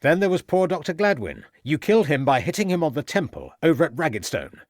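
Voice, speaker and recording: A man's voice: medium pitch, very animated, moderate pace, no echo, clean studio sound, close to an everyday voice. A man voicing a stern, shrewd police inspector in an audiobook, firm and pressing in his questioning. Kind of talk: audiobook character voice.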